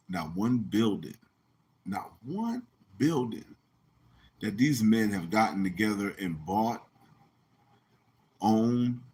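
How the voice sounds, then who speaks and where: A man hosting a podcast, ranting casually and animatedly. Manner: animated, laughs often, mimics others in high shouting voices. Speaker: podcast host.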